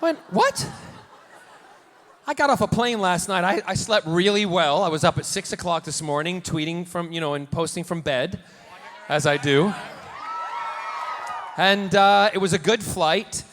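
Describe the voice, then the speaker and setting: A man in his forties, a celebrity guest at a convention panel, telling bawdy, campy anecdotes to the crowd with energetic restarts and playful jokes. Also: high-pitched, moderate pace. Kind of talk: live convention Q&A storytelling. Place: large convention hall panel room. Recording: echoey hall with faint noise.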